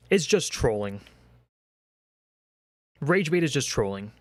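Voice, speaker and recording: A man's voice: mid-range voice, very animated, takes it slowly, no echo. Profane ranting young man, dry sound. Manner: exasperated, profane, ranting with rhetorical questions. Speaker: commentary creator. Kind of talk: comedic rant.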